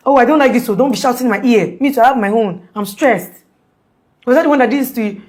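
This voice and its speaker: A woman's voice: fairly high pitch, quick pace, a little mellow, voice pushed up, lightly acted. A woman imitating an irritable, drunk husband who snaps and brushes off his burnt wife. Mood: irritated. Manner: snapping, dismissive. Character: irritable drunk husband, middle-aged man.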